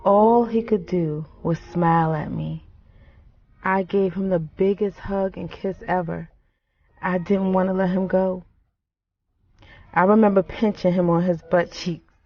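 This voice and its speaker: A grieving, reflective wife. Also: female voice, fairly low pitch, fairly even intonation, no room sound, muffled recording. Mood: wistful. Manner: reflective, halting, soft-spoken. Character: grieving wife remembering her late husband. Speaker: grieving widow. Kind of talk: film monologue.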